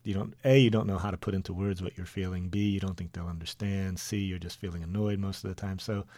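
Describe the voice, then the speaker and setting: A middle-aged man with a very low voice reads from his own book and chats with the host in a wry, easy way. The studio sound is dry and close. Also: flat delivery, fast talker, dark tone, no echo. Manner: wry and conversational, with some filler. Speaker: author and guest. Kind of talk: radio interview and reading from his book.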